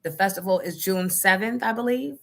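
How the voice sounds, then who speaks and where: A woman's voice: medium pitch, fairly quick. A woman hosting a casual livestream show, speaking outspokenly and answering her chat. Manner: outspoken, talks back to the chat.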